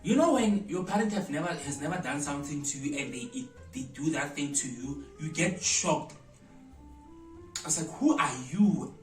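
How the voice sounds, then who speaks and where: A South African man telling a storytime vlog in an animated, dramatic way, with loud exclamations. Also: fairly high pitch, moderate pace, far from the mic. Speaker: vlogger. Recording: roomy echo, voice away from mic, faint music.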